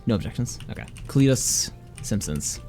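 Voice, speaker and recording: Lively chatty young man streaming. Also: on the low side, normal speed, soft background music. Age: young adult. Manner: chatty and rambling, laughs easily. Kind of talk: casual gameplay commentary.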